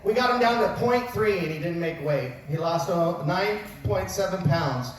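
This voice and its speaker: Joking coach in an echoey hall. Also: male voice, high voice, expressive, normal speed. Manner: joking storyteller with self-mocking asides. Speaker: wrestling coach. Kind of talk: humorous after-dinner speech. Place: large banquet hall at a dinner event. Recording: very echoey hall recorded from far off, faint noise.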